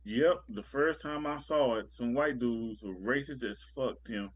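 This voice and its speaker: A man's voice: medium pitch, a little slow, slightly rough. A man co-hosting a talk show, chatting casually and earnestly, often repeating words as he talks. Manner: earnest, repetitive, laughs easily. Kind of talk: casual chat.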